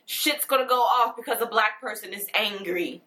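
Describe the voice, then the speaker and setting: Tearful young woman, bright tone. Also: medium pitch, rough recording. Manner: earnest, halting, restarts mid-sentence. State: crying, tearful. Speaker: vlogger. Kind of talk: emotional personal monologue.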